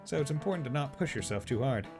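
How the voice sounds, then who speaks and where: A man lending his voice to a kindly school counselor who explains things quickly and soothingly, his pitch moving lively up and down. The line reads like game dialogue spoken over faint background music. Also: close to an everyday voice. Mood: reassuring. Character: gentle adult male school counselor. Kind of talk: reading game dialogue aloud.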